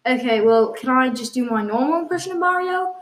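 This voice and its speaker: A woman's voice: sits high, lively intonation, brisk. A woman co-hosting a comedy podcast, hesitantly and earnestly defending absurd claims. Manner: hesitant, insisting on absurd claims with a straight face. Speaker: podcast co-host. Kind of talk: improvised comedy banter. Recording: echoey room.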